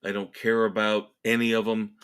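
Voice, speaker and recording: A man's voice: lowish voice, level tone, moderate pace, fairly bright tone, smooth. A man hosting a music podcast, ranting in a sarcastic, exasperated and emphatic way. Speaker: podcast host. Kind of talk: opinionated solo rant.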